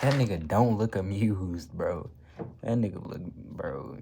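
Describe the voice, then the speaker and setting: A man's voice: low voice, a little slow, creaky, a crowd in the background, background noise. A man making slangy, blunt reaction commentary on a clip. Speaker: reaction video host.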